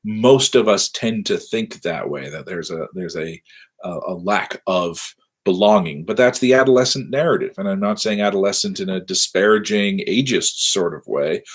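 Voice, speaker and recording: A man lecturing from his office over a webcam, rambling and self-deprecating with wry asides. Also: on the low side. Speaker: university lecturer. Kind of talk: casual livestreamed lecture wrap-up.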